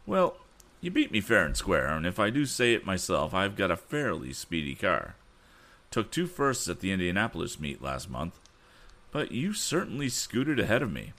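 A man's voice: low-pitched, wildly swooping pitch, moderate pace, a bit bright, pitched above the performer's own voice, full character voice. A man reading the part of a friendly adult racing driver who talks in a chatty, admiring way.

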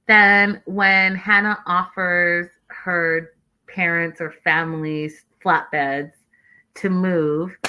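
A woman's voice: lowish voice, steady tone, very slow, bright, forceful tone, clear, resonant tone, lo-fi sound. A woman hosting a casual live recap of a reality show, chatty and opinionated, with exasperated asides to her viewers. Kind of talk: casual live-stream commentary.

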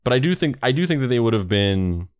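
A man's voice: mid-range voice, very animated, fast talker, clear, resonant tone, dry recording, clean studio sound. A man co-hosting a podcast in a rambling, casual discussion with frequent restarts. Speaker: podcast co-host.

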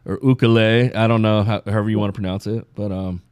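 A man's voice: fairly low pitch, little pitch movement, fast, darkish tone, smooth, no echo. Laid-back male podcast host, dry sound. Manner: laid-back, enthusiastic fan talk with laughs. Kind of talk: casual interview chat.

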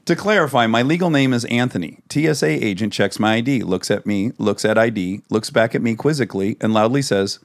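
A man hosting a podcast, reading tweets aloud in casual chat, animated and laughing, sometimes swearing. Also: medium pitch, a little fast, few pauses. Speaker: podcast host.

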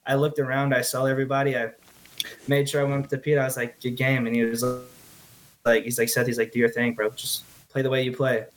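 A man's voice: medium pitch, flat delivery. Earnest young male guest. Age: young adult. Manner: earnest, halting, repeats words. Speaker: guest, rugby player. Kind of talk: casual interview.

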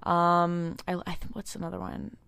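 A young woman with a lowish, smooth, clear voice hosts a self-help podcast in a casual, encouraging tone. She speaks straight to her listeners and sprinkles her talk with fillers. The sound is dry and close, with no room around her. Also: monotone, moderate pace, fairly bright tone, dry recording. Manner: earnest and encouraging, talks directly to listeners; casual with many likes and you knows. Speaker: podcast host.

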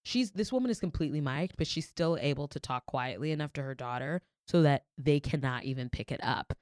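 A woman's voice: sits low, brisk, darkish tone, no room sound, clean studio sound. A young woman co-hosting a casual talk show, telling a story candidly and swearing freely. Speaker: podcast co-host. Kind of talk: casual chat.

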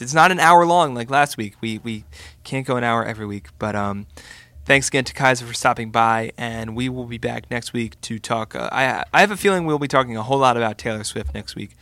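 An upbeat man hosting a music podcast, with a bright, forward tone. His voice is recorded dry in a studio with no room echo. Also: mid-range voice, brisk. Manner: upbeat, enthusiastic. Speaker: podcast host.

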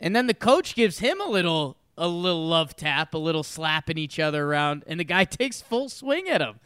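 A man co-hosting a casual chat show, animated and acting out quoted voices as he tells stories. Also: fairly high pitch, moderate pace, smooth, dry recording, studio quality. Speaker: co-host.

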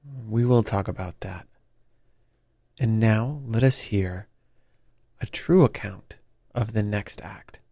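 A stern male detective lays out his accusation in a slow, measured way, as a man reads him aloud. The voice sits low and speaks without haste, recorded dry and close, audiobook style. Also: dark tone, dry recording. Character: stern, cool-headed male detective questioning a thief. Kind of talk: audiobook character reading.

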